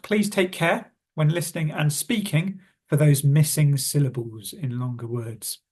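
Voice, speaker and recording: A British man teaching English pronunciation, calmly explaining and saying example phrases slowly and clearly. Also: fairly high pitch. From Britain. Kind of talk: online lesson, reading notes and modelling phrases.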